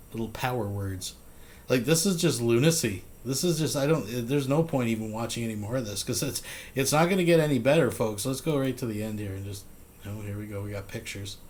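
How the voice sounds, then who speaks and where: A man's voice: mid-range voice, a little fast, darkish tone, a little hiss or hum. Sarcastic man commenting on a clip. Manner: mocking, incredulous. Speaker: host reacting to a livestream.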